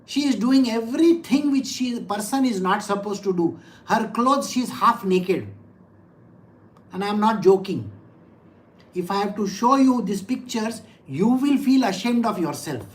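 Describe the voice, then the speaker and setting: Woman, spiritual teacher, scripture discourse, direct, asks questions, emphatic verse reading, mid pitch. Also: lively intonation, normal speed, low-quality recording.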